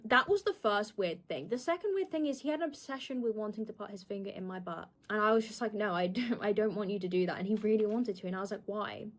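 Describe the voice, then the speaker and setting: A woman's voice: medium pitch, fast talker, hardly any pauses. Young woman, streamer; casual, candid storytelling, blunt and sweary, plays out the quotes.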